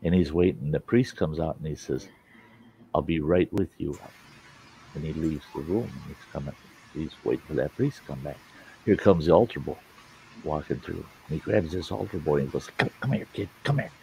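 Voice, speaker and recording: A man's voice: extremely low pitch, moderate pace, gravelly, dark tone, slight background noise, rough recording. A man hosting a casual livestream chat, telling a long joke in a folksy, plain-spoken way with some cursing. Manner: folksy, drawling storyteller with mild cursing. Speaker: host.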